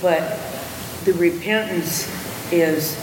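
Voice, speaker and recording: A woman gives a thoughtful answer in a group study, slow and measured. Her voice sits fairly low and rings a little in the room. Other people are audible nearby. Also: roomy sound, big-room sound, crowd noise, low-quality recording.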